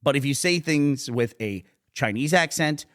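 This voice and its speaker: A man's voice: medium pitch, moderate pace. A man co-hosting a podcast, telling stories in casual chat and laughing often. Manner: animated storytelling, laughing often, mocking voices for quotes. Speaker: podcast co-host.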